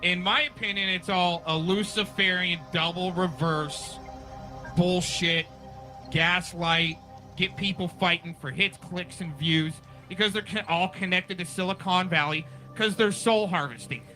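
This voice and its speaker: A man's voice: sits high, fairly even intonation, measured pace, bright, forceful tone, soft background music, rough recording. A man hosting a live stream, rambling and conspiratorial as he talks over a replayed clip. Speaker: stream host. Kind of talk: casual commentary on a restreamed clip.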